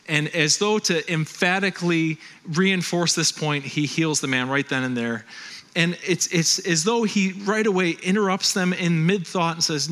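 Male pastor, animated sermon delivery, bright tone, slightly high voice. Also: normal speed. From Western New York. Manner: animated, quotes voices, conversational preaching.

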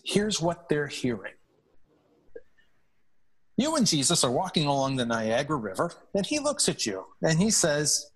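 A man's voice: fairly high pitch, a little slow, slightly rough. A man, a hockey chaplain, telling stories earnestly in a podcast interview, often restarting his sentences. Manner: earnest, animated storytelling with restarts.

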